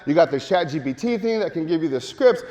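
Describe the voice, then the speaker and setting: A man giving a lively marketing seminar to a live audience, joking and urging the crowd to take part. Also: a little high, fast. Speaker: speaker at a marketing event. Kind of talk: energetic live seminar talk. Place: large hall with audience. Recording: long hall reverb.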